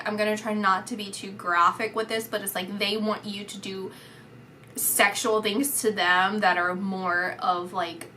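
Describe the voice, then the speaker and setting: A woman giving a psychic reading, talking in halting phrases that restart often with filler words. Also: mid-range voice, pushed and bright, a little hiss or hum. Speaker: psychic reader. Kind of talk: intuitive reading, spoken to the camera.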